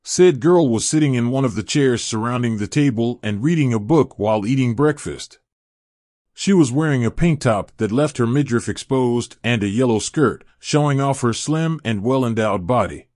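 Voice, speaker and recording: A man reading fan fiction aloud in a steady storytelling manner. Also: mid-range voice, normal speed, dry recording, studio quality. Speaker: narrator.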